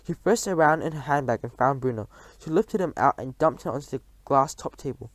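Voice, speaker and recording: A man reading a children's storybook aloud in a lively storytelling manner. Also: medium pitch, a little fast, no echo. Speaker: narrator.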